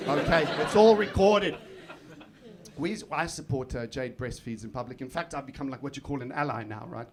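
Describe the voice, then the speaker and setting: High-voiced comic with a laughing crowd. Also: male voice, brisk. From South Africa. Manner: swings from muttered asides to shouted outbursts. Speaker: stand-up comedian. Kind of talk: live stand-up set. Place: comedy club stage. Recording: live club recording with crowd laughter. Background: audience laughter.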